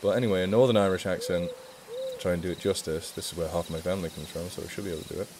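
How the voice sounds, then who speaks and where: A man from England with a mixed northern English accent hosts a charity live stream Q&A, speaking fast in a fairly low, fairly even voice. He chats eagerly about animals and swears without a second thought, with faint noise underneath the recording.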